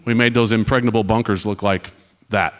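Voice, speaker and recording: A man's voice: fairly low pitch, fairly even intonation, brisk. A man in his forties, a retiring Air Force officer, speaking earnestly to students at a panel, telling stories over slides with wry asides. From United States.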